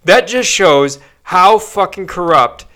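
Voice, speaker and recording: High, bright, ranting profane man. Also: expressive, slow. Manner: profane, frustrated ranting with frequent fillers and restarts. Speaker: podcast host. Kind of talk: solo rant podcast.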